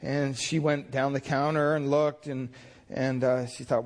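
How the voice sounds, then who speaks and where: A man's voice: medium pitch, little pitch movement, measured pace. A male pastor giving a conversational sermon, telling folksy stories with lots of fillers and restarts.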